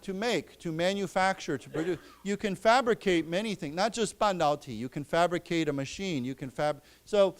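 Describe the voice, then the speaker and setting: Clear-voiced man teaching a class. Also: sits high. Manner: explains words, repeats them slowly for the class. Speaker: English teacher. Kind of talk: classroom lesson. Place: library lecture room.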